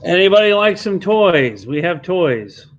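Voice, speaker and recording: Brisk man auctioneering, lo-fi. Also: high-pitched, sing-song, slight background noise. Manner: brisk, repeats bids. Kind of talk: live charity auction stream. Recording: dull lo-fi stream audio.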